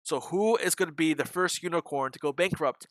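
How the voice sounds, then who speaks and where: Hiccuping as he goes, this day-trading livestream host keeps up casual market chat, wandering off track, restarting often, and swearing now and then. He speaks fairly quickly in a fairly high voice, with no room sound.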